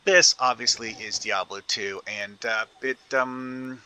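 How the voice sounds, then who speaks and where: A man's voice: medium pitch, fairly even intonation, slow, pushed and bright, a little hiss or hum. A man giving casual commentary while playing a video game, rambling and thinking aloud with many fillers and restarts. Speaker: gaming video creator.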